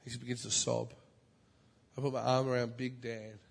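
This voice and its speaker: A man preaching a sermon in a church, telling a story in a lively way, rising to loud, high outbursts and dropping to soft, low asides. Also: moderate pace, vocal fry. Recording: long reverb of a large hall.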